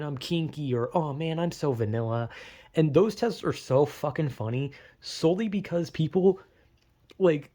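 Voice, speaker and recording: A young man in a rambling, crude monologue, joking his way through quick asides. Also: mid-range voice, darkish tone. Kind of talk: casual monologue.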